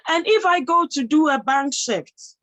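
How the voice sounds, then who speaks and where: A woman's voice: high voice, unhurried, fairly bright tone, rough recording. A woman giving a motivational talk to an audience, emphatic, posing rhetorical questions and answering them herself. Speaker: motivational speaker and health professional.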